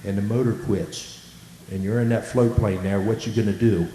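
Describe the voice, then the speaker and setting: A man doing a young barefoot Hatteras islander with an Outer Banks accent, loud, high and excited. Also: moderate pace, reverberant, slight background noise, natural voice, rough recording. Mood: earnest.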